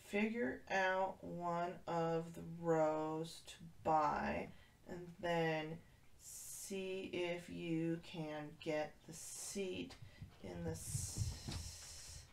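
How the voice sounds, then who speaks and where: A woman's voice: fairly low pitch, fairly even intonation, extremely slow, creaky. A woman hosting a casual livestream from a kitten room, chatting and answering viewers' messages as she goes. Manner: chatty, reads and answers chat aloud. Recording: echoey room, far from the mic, noisy.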